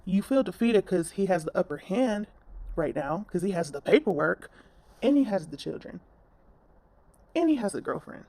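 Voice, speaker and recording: A woman's voice: fairly low pitch, big pitch swings, normal speed, creaky, long pauses, dark tone, dry recording. A woman commentator ranting bluntly in a reaction video, scolding and swearing.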